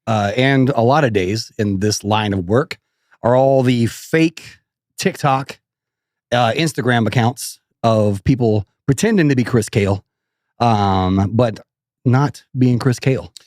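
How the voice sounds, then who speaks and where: A middle-aged man, a bassist co-hosting a podcast, chatting in a dry, grumbling way and swearing when he vents. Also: unhurried, darkish tone, no echo. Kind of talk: casual chat.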